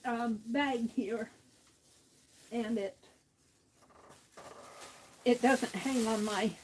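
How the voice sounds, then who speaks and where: A woman hosting a craft stream, talking casually to herself as she works, often trailing into soft near-whispers. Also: fairly high pitch, a little hiss or hum, poor audio. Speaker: craft livestream host. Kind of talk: casual craft talk while working.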